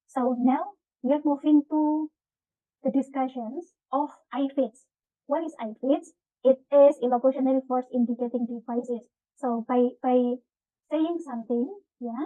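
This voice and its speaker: A woman's voice: sits high, no echo. A woman lecturer with an Indonesian accent giving an online lesson, explaining patiently with frequent fillers and restarts. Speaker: university lecturer. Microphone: video call. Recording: tinny, phone-like video call.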